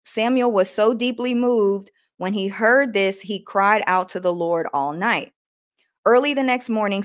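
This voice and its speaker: Woman host reading scripture with restarts. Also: medium pitch. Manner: reads aloud with frequent restarts and self-corrections; retells scripture scenes in plain everyday words. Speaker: podcast host. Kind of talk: devotional reading with casual commentary.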